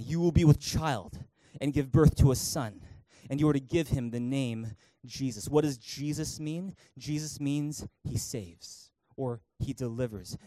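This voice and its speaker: A young man preaching a sermon as pastor in a church, animated and acting out the people he quotes. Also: medium pitch, no echo, poor audio. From Canada. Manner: animated, acts out quoted voices.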